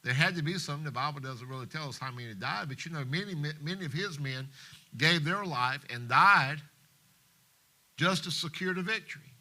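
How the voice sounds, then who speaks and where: Bright, intense male preacher. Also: fairly high pitch, normal speed. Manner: impassioned, swings from hushed to loud emphasis; reads scripture in King James wording. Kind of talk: sermon. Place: church live stream.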